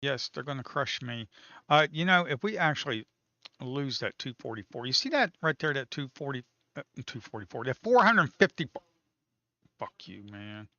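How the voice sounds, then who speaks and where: Bright-voiced man ranting over live trades. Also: mid-range voice, big pitch swings, normal speed, no echo, highs cut off. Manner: casual, swears, talks to viewers as folks. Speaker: day trader streaming live. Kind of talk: live trading commentary.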